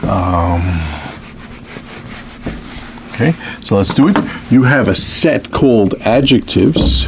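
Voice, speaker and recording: A man lecturing on mathematics with a lively, up-and-down delivery and a gravelly edge to his voice. He keeps checking in with his listeners as he works through examples. A faint hiss sits under the recording. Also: mid-range voice. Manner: lively, repeats "okay" as a check-in. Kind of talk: math lecture.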